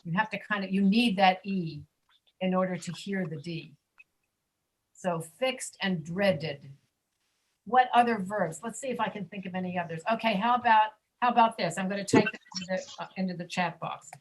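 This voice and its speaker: A woman teaching an online pronunciation class, stretching out words slowly to model each sound. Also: medium pitch, rough recording. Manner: slow, drawn-out modeling of sounds. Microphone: video call.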